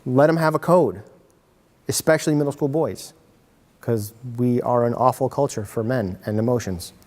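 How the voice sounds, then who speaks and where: A man presents a workshop to a room of parents, animated and quick to act out little scenes. His voice sits in a middle pitch and carries a long hall reverb. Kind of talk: lively workshop talk to parents. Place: meeting room. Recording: hall reverb from a community-TV taped talk.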